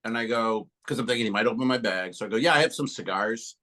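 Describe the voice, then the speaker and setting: A man's voice: lowish voice, fast, poor audio. Swearing man telling a story. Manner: animated storyteller, acts out quoted exchanges, swears freely. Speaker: podcast co-host. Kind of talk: casual comedy podcast chat.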